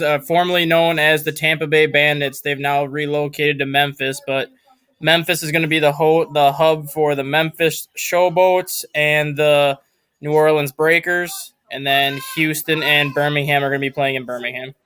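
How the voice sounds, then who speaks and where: Flat, crisp-voiced male sports co-host. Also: fairly high pitch, moderate pace. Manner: matter-of-fact, informative. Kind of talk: casual sports talk.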